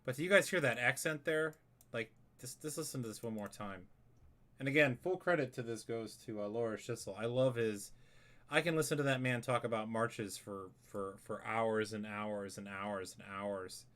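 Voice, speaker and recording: A man's voice: mid-range voice, normal speed, a bit bright. A man explaining a music arrangement in a casual tutorial, rambling and correcting himself as he thinks aloud while editing a score. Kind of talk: casual screen-share tutorial.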